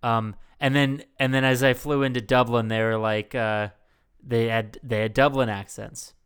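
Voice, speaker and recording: Male podcast host, jokey, clear tone, meandering. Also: medium pitch, fairly even intonation, normal speed, fairly bright tone. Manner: rambling, jokey, many fillers. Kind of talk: casual podcast chat.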